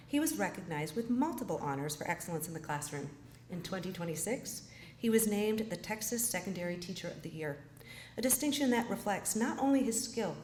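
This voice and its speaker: A woman introducing a speaker at a ceremony, reading a scripted introduction in a measured, formal way. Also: on the low side, darkish tone. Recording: echoey hall with faint noise.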